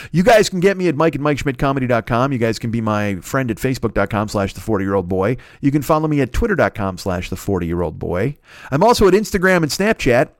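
A man's voice: medium pitch, dry recording. Male podcast host doing his own plugs, casual and swearing, dry close mic. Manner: loose, profane, rambling with self-corrections. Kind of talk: casual plugs and sponsor reads.

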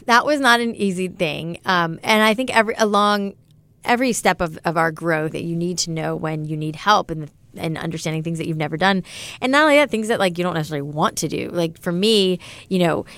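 This middle-aged woman, a business founder, speaks fairly quickly in a fairly low, fairly bright voice, recorded with no echo. Her casual interview talk is loose and chatty, packed with fillers like "like" and "you know."

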